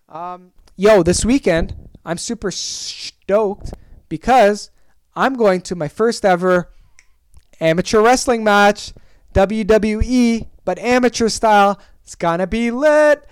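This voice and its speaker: A young adult podcast host on a comic solo rant, exaggerating every complaint and swearing freely. The voice is smooth and resonant at a middling pitch. The sound is dry and close, with no room around it. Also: unhurried, dry recording. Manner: exaggerated, animated ranting with swearing.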